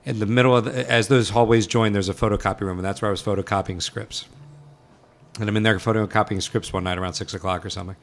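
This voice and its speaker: A man with a fairly low voice tells his story at a quick clip. He gets animated and acts out each exchange in quoted dialogue. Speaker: guest filmmaker. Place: film set.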